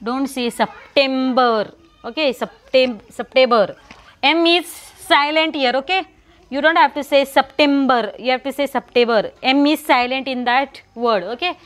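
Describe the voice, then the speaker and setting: A woman teaching a children's lesson, repeating words slowly and asking and answering her own questions. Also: sits high, a bit bright. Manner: repetitive, asks and answers her own questions, stresses pronunciation. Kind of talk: online English lesson for young children.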